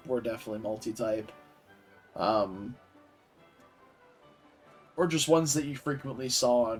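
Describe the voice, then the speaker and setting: A man from the Southern US giving casual, rambling gameplay commentary with many fillers and self-corrections. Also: medium pitch. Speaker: streamer playing a game.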